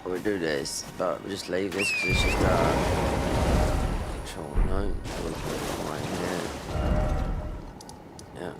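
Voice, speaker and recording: A man's voice: deep voice, steady tone, takes it slowly, long pauses, very noisy. A man from Surrey with a southern English accent, giving casual, rambling gameplay commentary full of ums and trailing-off thoughts. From Surrey, England. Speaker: gameplay streamer. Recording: commentary over loud game sounds.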